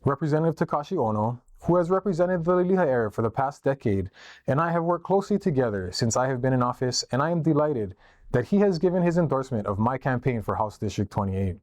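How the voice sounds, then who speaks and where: A man from Hawaii, a political candidate, reading his campaign statement in a steady, formal way. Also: medium pitch, fast, dry recording.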